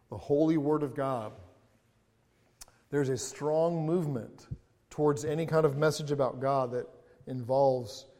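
A man with a medium-pitched, darkish voice preaches as pastor in a church sanctuary, where the hall is reverberant. He reads from scripture with building emphasis and drifts into humorous, talkative asides.

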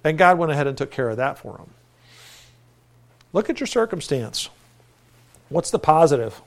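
A man's voice: fairly high pitch, sing-song, normal speed, vocal fry. A middle-aged male pastor preaching a folksy, conversational sermon with self-deprecating asides.

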